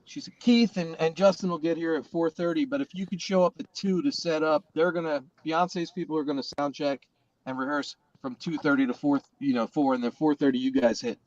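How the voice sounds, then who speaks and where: A middle-aged man with a fairly high voice tells stories in a loose, animated way, slipping into other people's voices and swearing freely. He is on a video call, and the sound is slightly dull and lo-fi. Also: fairly quick, dry recording. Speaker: guest drummer. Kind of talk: casual storytelling chat.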